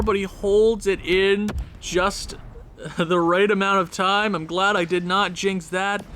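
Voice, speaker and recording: Excitable young man narrating hockey game. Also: high voice, slight background noise. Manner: excitable, talks fast through game recaps. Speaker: gaming YouTuber. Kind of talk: casual game commentary.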